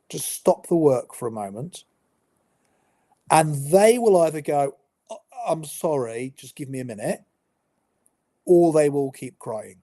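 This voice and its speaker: Male trainer, fairly high mellow voice, down-to-earth delivery with dry wit. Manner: chatty and down-to-earth, with dry humour. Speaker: workplace communication trainer. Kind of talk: live-streamed training talk.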